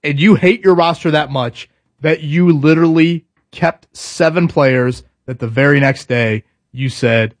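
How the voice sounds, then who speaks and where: On a casual sports talk show, a male co-host speaks at a moderate pace in a mid-range voice with fairly even intonation. His talk is conversational and stop-start, full of fillers and restarts. The recording is dry and cleanly studio-made.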